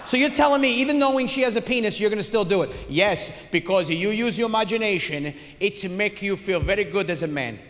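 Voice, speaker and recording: Gruff older immigrant father in broken English, as a comedian puts him on, pitched high on a reverberant stage mic. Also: animated, brisk, few pauses, fairly bright tone. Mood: insistent. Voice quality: broken English, blunt and exasperated. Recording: stage mic in a hall with long reverb, faint noise.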